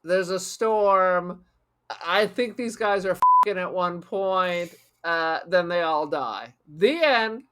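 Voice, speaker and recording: A man's voice: high-pitched, takes it slowly, sharp tone, slight background noise. A man co-hosting a podcast, talking about a movie in a blunt, crude and jokey way. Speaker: podcast co-host. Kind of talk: casual movie chat.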